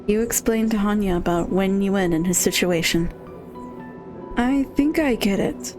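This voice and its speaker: A woman's voice: medium pitch, a little slow. A woman streamer reading a game's character lines aloud as she plays, with pleading emphasis and dry asides. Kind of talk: reading game dialogue aloud while playing. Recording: faint game music behind. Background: faint game music.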